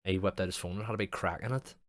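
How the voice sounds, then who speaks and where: A man's voice: sits low, fairly even intonation, very fast, no room sound. A young man hosting a podcast, rambling in casual chat with heavy swearing and lots of fillers. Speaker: podcast host.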